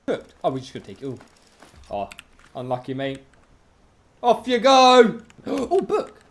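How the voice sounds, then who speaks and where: A streamer giving excitable let's-play commentary, taunting enemies in the game. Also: medium pitch, takes it slowly, long pauses. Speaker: gaming streamer.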